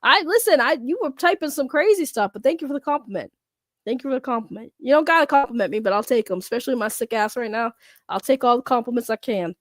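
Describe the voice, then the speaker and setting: A woman's voice: fairly high pitch, animated, quick pace, no echo, studio quality. Congested, blunt woman streamer. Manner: blunt, profane, laughing. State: congested from a cold. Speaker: streamer reading chat. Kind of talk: casual livestream chat.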